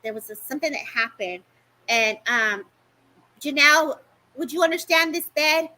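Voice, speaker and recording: A woman giving a live-streamed psychic reading, talking fast and affectionately to the people she reads, calling them baby and babes. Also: sits high, bright, forceful tone, poor audio. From California. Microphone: live-stream microphone.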